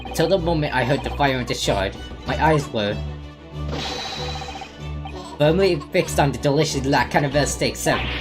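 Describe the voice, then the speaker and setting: A woman's voice: very deep voice, normal speed, long pauses, over music. A woman reading as a stiff army sergeant. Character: stiff military sergeant witness, man.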